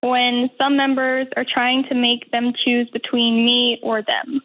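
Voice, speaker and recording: A woman's voice: fairly high pitch, completely flat delivery, a little slow, narrow, tinny audio. A young woman in her twenties calling into a show, speaking hesitantly with many fillers. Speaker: caller. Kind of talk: phone-in call.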